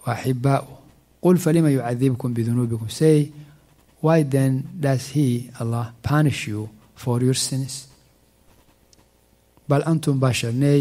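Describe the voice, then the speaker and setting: A man teaching a mosque class on Quran commentary. He recites verses quickly in Arabic, translates them slowly, and repeats words as he searches for them. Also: medium pitch, mellow.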